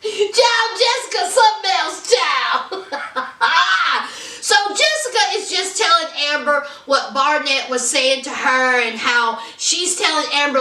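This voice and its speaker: A woman's voice: extremely high pitch, a little slow, recorded from a distance. A woman with recapping a reality show in a casual, gossipy way, dramatically acting out what people said. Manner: animated, dramatic, acts out quotes with laughter. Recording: echoey room, somewhat off mic.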